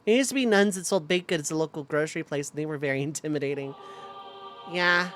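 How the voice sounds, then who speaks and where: A woman's voice: sits low, quick pace, fairly bright tone, soft background music. A young adult woman streamer chatting casually while playing a video game, rambling with lots of restarts. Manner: rambling, filler-heavy, with repeated restarts. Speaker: let's play streamer. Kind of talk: casual chat over gameplay.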